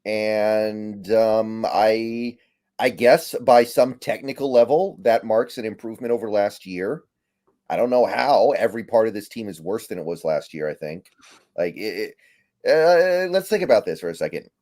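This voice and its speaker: A man's voice: lowish voice, normal speed, mellow. A man giving blunt, matter-of-fact takes as a guest analyst on a sports talk stream.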